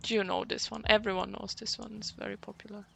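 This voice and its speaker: A young woman streamer chatting casually, sarcastic, swearing freely and often clearing her throat. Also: medium pitch, flat delivery, quick pace, sharp tone, a little hiss or hum. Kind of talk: casual livestream chat.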